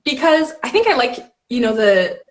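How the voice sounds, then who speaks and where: A woman's voice: a little high, big pitch swings, normal speed. A woman hosting a casual chat, rambling and laughing often as she talks. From Canada. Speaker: host.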